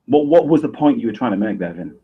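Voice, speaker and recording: A man arguing on a video call in a sarcastic, measured, defensive way. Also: mid-range voice, expressive, husky, highs cut off. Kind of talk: heated online argument.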